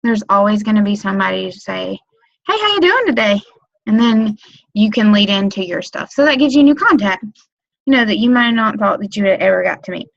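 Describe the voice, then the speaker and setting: A woman's voice: mid-range voice, fast talker, gravelly, dry recording, lo-fi sound. A woman giving casual training on a webinar, rambling with lots of um, like and you know. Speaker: direct sales consultant training new team members. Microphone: computer mic on a webinar.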